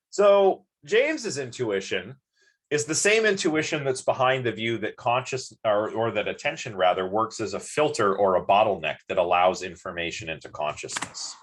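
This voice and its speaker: A man's voice: on the low side, expressive, normal speed. A man giving a live-streamed lecture, chatty and rambling, with many ums and restarts.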